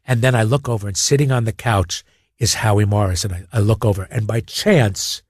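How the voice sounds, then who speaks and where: A middle-aged man telling stories in a rambling, excitable way as a podcast guest. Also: on the low side, a little fast, breathy edge, no room sound, clean studio sound. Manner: rambling, excitable, shouts out quoted lines. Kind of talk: casual chat, storytelling.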